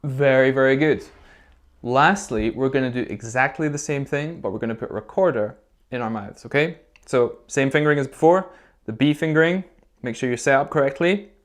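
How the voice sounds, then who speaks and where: Teaching recorder to young kids on video, a male music teacher speaks at a middle pitch. He goes step by step with patience and steady encouragement, adding a brief "okay?" every few phrases.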